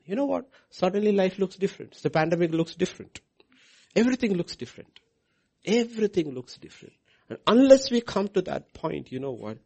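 A man preaching a sermon as pastor, swinging between hushed lines and loud, high outbursts. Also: very animated, fairly quick, creaky, breathy edge.

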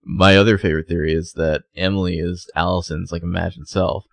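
A man's voice: deep voice, level tone, creaky, no echo. A man co-hosting a casual podcast, retelling scenes and quoting characters. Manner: retells scenes with quick quoted voices. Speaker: podcast co-host recapping a TV episode. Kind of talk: casual chat.

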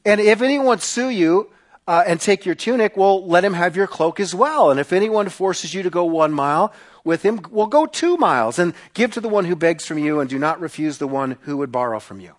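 A man preaching a sermon to a congregation, animated and acting out the voices he quotes. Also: sits high, moderate pace. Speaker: pastor.

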